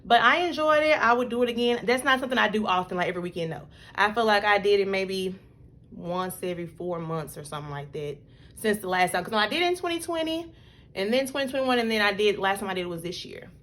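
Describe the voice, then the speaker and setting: Bright-voiced young woman telling a story. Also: mid-range voice, fast. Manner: chatty, animated, full of likes and y'all. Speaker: vlogger. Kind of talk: casual storytelling.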